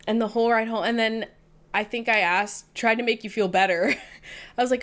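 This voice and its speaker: A woman's voice: fairly high pitch, fairly even intonation, moderate pace, fairly bright tone. A woman co-hosting a podcast, telling a story in casual chat and laughing often as she goes. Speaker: podcast co-host.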